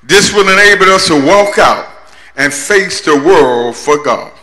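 A man preaching in a church, his voice high-pitched and piercingly bright. He builds his sermon on rhythmic call-and-response and keeps circling back to the same refrains. The sanctuary gives it a roomy, echoing ring. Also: lively intonation, measured pace. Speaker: pastor.

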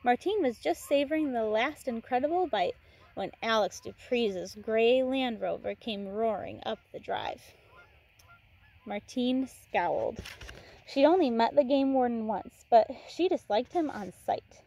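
A woman teacher reads a novel aloud in a relaxed way. Her voice is mellow and sits a little high. Now and then she breaks off for chatty asides to her listeners. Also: a little slow.

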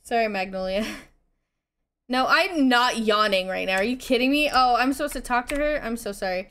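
Woman, streamer, casual gameplay commentary, high voice, chatty, talks to game characters, laughs easily. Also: normal speed, fairly bright tone, a little hiss or hum.

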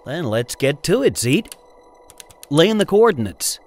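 Man doing a brash space pilot, brisk commanding orders, raised voice. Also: fairly high pitch, very animated, darkish tone, voice pushed up. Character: decisive, brash young male pilot.

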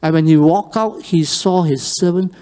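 A pastor preaching a sermon, telling the story with animated swings between loud and hushed. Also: medium pitch, normal speed. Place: church sanctuary. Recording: long reverb of a church hall on a live stream.

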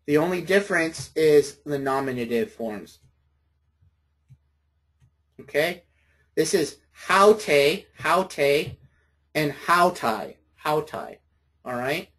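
A man's voice: fairly high pitch, animated, slow pace, pauses often, fairly bright tone. A man lecturing a college class, patient and friendly, often checking in with his students.

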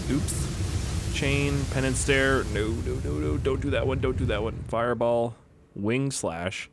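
Excitable young man yelling over gameplay. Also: mid-range voice, slight background noise. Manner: excitable, swears, yelps when panicked. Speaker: gaming YouTuber. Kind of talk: let's play commentary.

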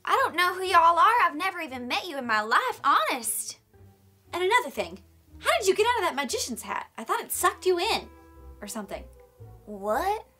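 A woman's voice: very high-pitched, very animated, normal speed, bright, forceful tone, soft background music. A young woman in a teen series, rambling nervously. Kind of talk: teen web series acting.

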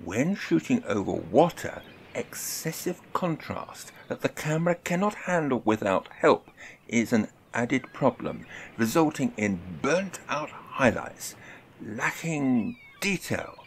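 An older man, a photography YouTuber, giving advice to viewers at an unhurried, measured pace, now and then stumbling over his words and a little hoarse. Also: mid-range voice, very animated, a little hiss or hum. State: losing his voice.

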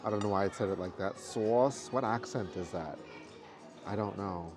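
Male travel vlogger, low voice, easygoing chatty reviewer, background music. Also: brisk. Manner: chatty, relaxed food reviewing. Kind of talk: casual vlog chat. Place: theme park restaurant, then hotel.

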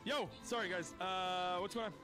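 A man with a notably high voice gives running commentary while he plays a game on stream. He is excitable and loud, bursting out in shouts and saying the same words over and over, captured close on his own mic. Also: moderate pace, over music. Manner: excitable, loud outbursts, repeats himself. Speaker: streamer playing a social deduction game.

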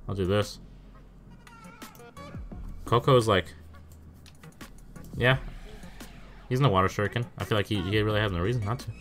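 With faint music in the background, a young gaming YouTuber talks casually at a moderate pace over his online game, pausing often in a lowish, slightly bright voice. His commentary is full of swearing, bursts of stammering, and disbelieving exclamations.

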